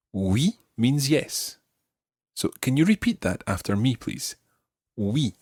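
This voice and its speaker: A man guides listeners through a beginner language lesson, speaking patiently and clearly. His lowish voice moves lively through its range, with a slightly husky edge on a dry, close studio mic. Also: unhurried, no room sound. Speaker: language teacher.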